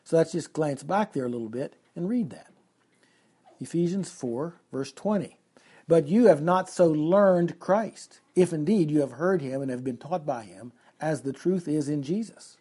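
A man's voice: fairly high pitch, normal speed, warm tone, husky. A man preaching an expository sermon, reading scripture aloud and earnestly explaining it verse by verse.

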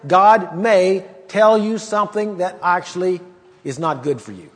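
A man's voice: high voice, expressive, moderate pace, long reverb tail, faint music behind. A man preaching a sermon and teaching from the Bible, talking conversationally and emphatically with rhetorical questions.

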